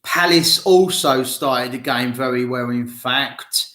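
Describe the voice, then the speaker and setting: In a room with plenty of echo, a man who vlogs as a football fan talks loosely and directly to fans about the game, troubled by a nagging cough. He has a mid-range, bright, forceful voice and speaks slowly.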